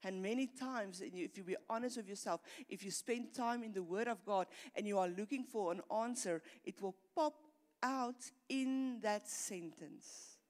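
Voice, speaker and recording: Middle-aged woman pastor, earnest preacher who repeats herself as she builds, mid-pitched, church hall reverb. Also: a little fast, few pauses, a little mellow. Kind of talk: sermon.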